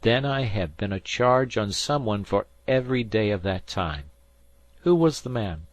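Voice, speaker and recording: A man's voice: on the low side, animated, dry recording, voice pushed up. Man playing a solemn older man of faith. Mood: earnest. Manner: solemn, formal, measured.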